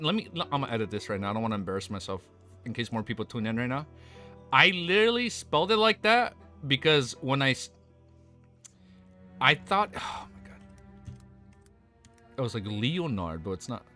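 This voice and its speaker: A man's voice: medium pitch, sharp tone. Hyped, swearing young man streamer. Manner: hyped, swearing a lot, rambling with restarts. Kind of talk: casual live-stream chat.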